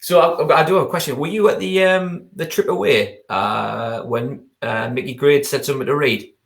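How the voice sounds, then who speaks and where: A man hosts a fans' video call in a friendly, chatty manner. He talks a little haltingly and leans on fillers as he thanks his guest. His voice sits at a middle pitch. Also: vocal fry. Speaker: supporters' club host. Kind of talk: casual interview chat.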